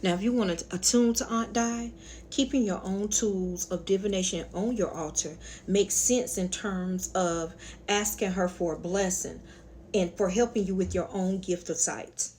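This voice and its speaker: A woman with a Southern accent speaks at a measured pace in a medium-pitched, slightly mellow voice with fairly even intonation, over slight background noise. Hosting her own spiritual channel, she tells a story in a sassy, colloquial lecture style, calling viewers honey and y'all.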